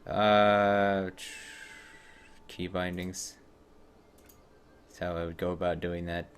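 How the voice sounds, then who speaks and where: A man with a fairly low voice gives relaxed, wry commentary while playing a game. He talks to himself and to the characters on screen in an offhand, chatty way. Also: takes it slowly, clean tone. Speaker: streamer. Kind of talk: casual gameplay commentary.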